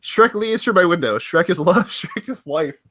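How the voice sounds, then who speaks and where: A man hosting a casual podcast, giggly and animated, on a close mic. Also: high-pitched, normal speed. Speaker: podcast host.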